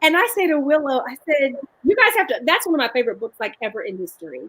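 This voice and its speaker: A woman's voice: high-pitched, sing-song, fast talker, fairly bright tone, rough recording. A woman author telling stories with animation and many restarts in a live video chat. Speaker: author guest.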